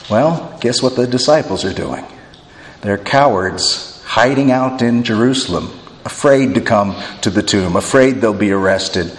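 A male pastor preaching an expressive sermon, swinging his voice up and down as he acts out the people in the story. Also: on the low side, slight background noise. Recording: long reverb of a hall.

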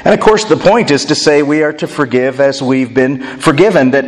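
Expressive male pastor preaching, hall reverb. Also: mid-range voice, a little fast. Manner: expressive storytelling, acting out voices in scripture. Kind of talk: sermon.

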